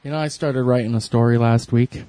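A man's voice: medium pitch, fairly even intonation, brisk, mellow, no room sound. A man chatting casually with a friend, telling rambling stories in a laid-back way. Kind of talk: casual chat.

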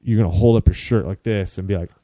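Young male comic, mellow voice, dry close mic, casual rambling storyteller who swears a lot and does voices. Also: on the low side, fast, no echo. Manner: rambling, profane, acts out voices in his stories. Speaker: comedian guest.

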